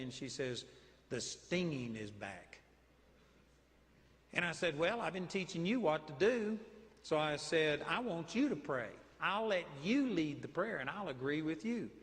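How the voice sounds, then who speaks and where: A man's voice: a little high, big-room sound. A man with a Texan accent preaching a sermon, telling stories and declaring with force. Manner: animated storytelling preaching, commanding declarations.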